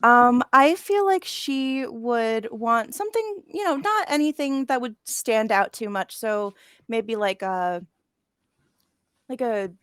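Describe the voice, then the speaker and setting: A woman's voice: on the high side, lively intonation, takes it slowly, fairly bright tone, clear, resonant tone, no room sound, clean studio sound. A woman playing a tabletop game who describes her character hesitantly, with many fillers. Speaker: player.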